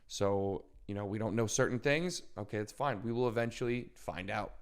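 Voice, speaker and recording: A man's voice: fairly low pitch, moderate pace, clean tone. A man hosting a podcast who chats casually and loosely, often restarting his sentences and filling gaps with "you know". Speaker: podcast host. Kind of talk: casual chat.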